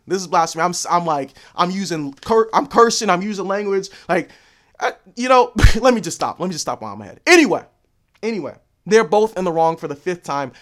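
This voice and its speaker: A man's voice: high voice, a bit bright. A young man ranting about fighting news in a heated, profane monologue, repeating his points and acting out the people he quotes. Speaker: MMA commentary vlogger.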